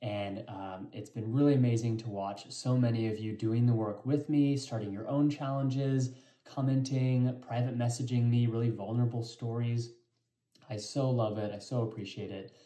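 A man with a mellow, warm tone talks earnestly and introspectively in a personal vlog. He pauses softly between thoughts. The room around him rings with a noticeable echo. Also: medium pitch, steady tone. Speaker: vlog host. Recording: echoey room.

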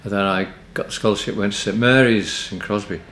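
An English poet in his eighties from the Liverpool area, with a Liverpool accent, gives relaxed, anecdotal interview answers in an indoor hotel book room. His wry, meandering stories often stop and restart, delivered in a lowish, fairly even, slightly fast voice with a fairly bright tone. The recording has a roomy echo and faint ambience.

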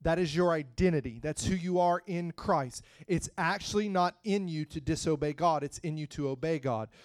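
A man preaching a sermon, moving from quiet, close talk to loud, rising preaching and calling out to the congregation. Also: fairly high pitch, moderate pace, no echo. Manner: calls out to the congregation.

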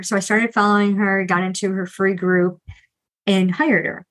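A middle-aged woman and financial coach, talking candidly and earnestly about her own past with debt, restarting often and tossing in quick asides. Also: mid-range voice, steady tone, a bit bright, poor audio. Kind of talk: candid solo podcast monologue.

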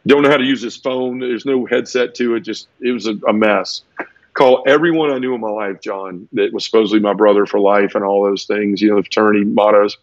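Man, low-pitched voice, teary, earnest, repeats and restarts words, interview guest, dull lo-fi sound. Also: steady tone, a little fast, no room sound. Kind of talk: emotional personal storytelling in conversation.

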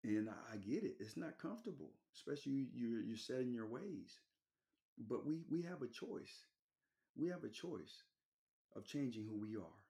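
A man's voice: medium pitch, lively intonation, moderate pace, dark tone. A middle-aged man hosting a podcast, talking casually and encouragingly about personal change. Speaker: podcast host. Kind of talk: motivational talk.

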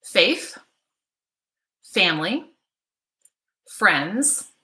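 A woman's voice: mid-range voice, very animated, extremely slow, pushed and bright, roomy sound. A middle-aged woman coaching an online workshop, upbeat and chatty, often checking in with "right?". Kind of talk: live online workshop talk. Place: home office.

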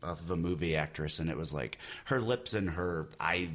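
Brief: deep-voiced male artist, loose conversational ramble, lots of "you know.". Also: moderate pace, a bit bright. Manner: rambling, many you-knows and restarts. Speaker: comic book artist. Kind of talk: casual podcast chat.

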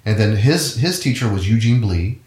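Deep-voiced man, roomy sound. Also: lively intonation, moderate pace, a little mellow. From United States. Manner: rambling, self-correcting, easygoing. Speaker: guest, orchestral musician. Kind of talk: conversational interview storytelling. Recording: roomy echo.

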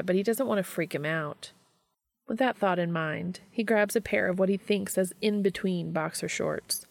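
Low, gravelly woman reading a story. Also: no echo. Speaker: narrator. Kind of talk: audiobook fiction reading.

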